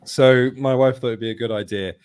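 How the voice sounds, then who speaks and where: A man's voice: mid-range voice, steady tone, a little fast, a little mellow, smooth, no room sound, studio quality. A man, telling a rambling anecdote in casual chat, often correcting himself. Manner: rambling, self-correcting storyteller with laughs. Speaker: podcast host.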